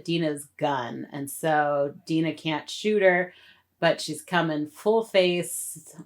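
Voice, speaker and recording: A woman's voice: sits low, fairly even intonation, slow. A woman co-hosting a podcast, recapping a TV episode in casual chat with wry, sarcastic asides. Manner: wry, sarcastic commentary with short agreeing fillers. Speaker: podcast co-host.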